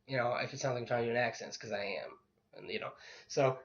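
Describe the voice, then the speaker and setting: A man's voice: medium pitch, fairly even intonation, racing. A man, animatedly telling a story in casual podcast chat, swearing freely and acting out the other people in it. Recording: dull lo-fi recording.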